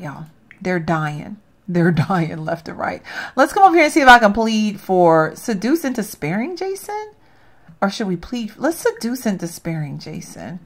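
Female gaming host, animated pitch, chatty and excitable. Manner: chatty, reacts loudly, addresses viewers as y'all. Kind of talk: casual game commentary.

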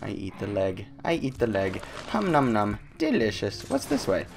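A young man doing loud, joking let's-play commentary, his voice swinging high and low as he plays. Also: wildly swooping pitch, moderate pace, creaky, slight background noise. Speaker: gaming YouTuber.

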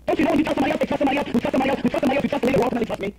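A man's voice: extremely high pitch, racing, a little mellow. A man preaching a rousing, colloquial sermon as pastor, firing questions at the congregation in a church. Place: church sanctuary. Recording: dull lo-fi church sermon recording.

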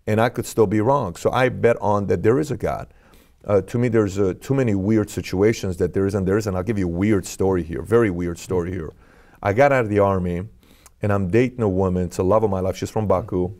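A man's voice: lowish voice, fairly even intonation, fairly quick, mellow. A middle-aged man, a podcast guest, telling a personal story in an earnest, questioning way.

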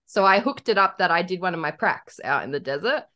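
A woman's voice: fairly low pitch, expressive, fairly quick, bright, forceful tone. A young Australian woman co-hosting a podcast in casual chat, giggly and effusive. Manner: giggly and effusive, talks over her co-host. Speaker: podcast co-host.

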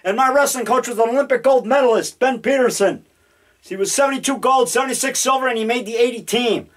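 A man in his fifties rambling excitedly through a home video in his basement, now and then growling mock monster roars. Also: extremely high pitch, quick pace. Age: 50s. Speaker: independent horror filmmaker. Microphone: handheld digital camera.

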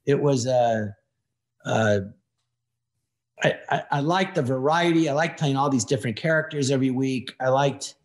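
A man's voice: mid-range voice, normal speed. A man in his sixties, a comedian guest, telling anecdotes in a casual chat and acting out the people he quotes. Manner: animated, acts out the people he quotes.

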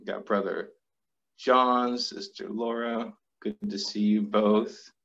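A man in his thirties chatting casually on a video call in a plain, steady monotone. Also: lowish voice, takes it slowly. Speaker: guest host reading questions. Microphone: built-in computer mic on a video call. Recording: dull lo-fi call audio.

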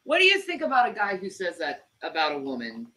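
A woman's voice: on the low side, wildly swooping pitch, fast, pushed and bright. A woman on a live stream, accusing and emotional as she confronts her partner. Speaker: streamer's co-host.

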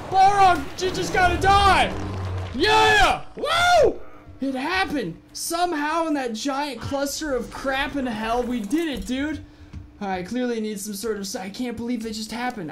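A man giving excited gameplay commentary as a gaming video host, animated, with crude jokes and sudden yells. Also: high-pitched, slight background noise. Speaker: gaming YouTuber.

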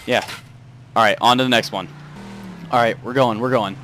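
A young man commentating a video game playthrough, muttering asides and breaking into loud swearing outbursts. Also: medium pitch, fairly even intonation, normal speed, a little hiss or hum. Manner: swings between mumbled asides and loud angry outbursts, swears a lot. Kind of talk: let's play commentary.

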